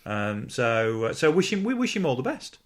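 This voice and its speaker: A man's voice: medium pitch, very animated, moderate pace. A man hosting a podcast in a casual chat, hesitant and stumbling over his words. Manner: hesitant, stumbling, lots of fillers. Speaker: podcast host.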